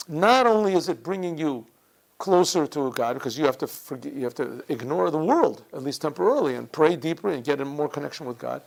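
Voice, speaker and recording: A man, a rabbi, giving a Torah class lecture, repeating phrases and often clearing his throat. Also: on the high side, low-quality recording. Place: yeshiva classroom.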